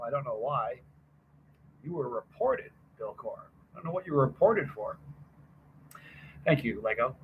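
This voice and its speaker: A man's voice: on the high side, muffled recording. A man live streaming casually, rambling and greeting viewers by name from a hot sauce festival booth.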